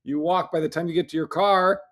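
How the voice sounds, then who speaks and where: A man co-hosting a podcast, telling stories in an animated, easily amused casual chat. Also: a little high, fairly quick. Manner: animated storyteller, laughs easily. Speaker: podcast co-host.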